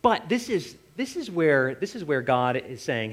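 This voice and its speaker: A man's voice: fairly high pitch, a little slow. A man preaching a casual, conversational sermon, often acting out quoted voices. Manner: animated, conversational, acts out voices.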